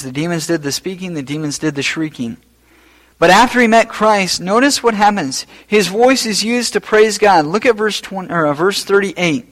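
A man preaching a sermon as pastor, rising to loud emphatic peaks and then dropping low and quiet. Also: poor audio.

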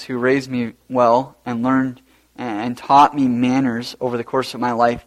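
Animated high-voiced male pastor preaching. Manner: animated, rising to loud emphasis. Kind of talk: sermon.

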